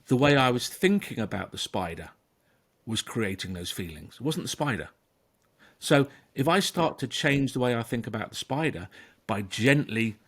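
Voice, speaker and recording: A man's voice: mid-range voice, fairly bright tone. A man, a therapist hosting a talk, explaining with emphasis and acting out inner voices. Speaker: therapist and podcast host. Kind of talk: conversational explanation.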